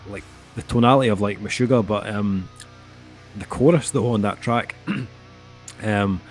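Low-voiced man rambling through an album review. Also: a little slow, soft background music. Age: middle-aged. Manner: rambling, heavy on fillers like "um" and "kinda". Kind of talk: casual review chat.

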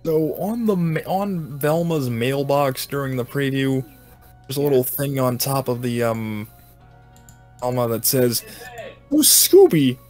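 A man's voice: mid-range voice, unhurried, darkish tone, faint music behind. A man co-hosting a casual group podcast, chatting eagerly. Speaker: podcast co-host.

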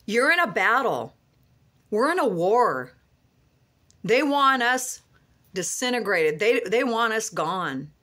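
A woman's voice: fairly high pitch, very animated, takes it slowly, long pauses, bright, forceful tone. A woman preaching and praying for her viewers in a fervent, repetitive way, her voice moved and tearful. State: tearful, emotional. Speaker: online prophetic minister. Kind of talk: emotional prayer and prophetic encouragement.

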